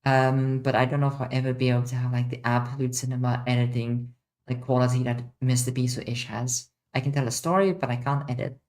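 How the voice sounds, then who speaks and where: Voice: medium pitch, little pitch movement, brisk, a little mellow. A streamer in a casual livestream Q&A, chatting off the cuff while answering viewers' questions from a home setup.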